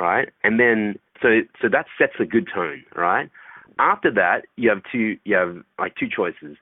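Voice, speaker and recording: A man's voice: lowish voice, lively intonation, normal speed, no echo. A man guest coaching on dating, talking loosely with swearing and acting out phone calls. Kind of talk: casual interview talk. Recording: tinny phone-like line, dry.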